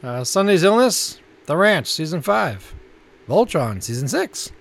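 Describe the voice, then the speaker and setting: A male co-host with a lively, up-and-down voice that sits a little high. He works through a list in a relaxed, casual way and chuckles often. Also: a little slow, gravelly. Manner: laid-back, chuckles often. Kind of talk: casual chat, reading a release list.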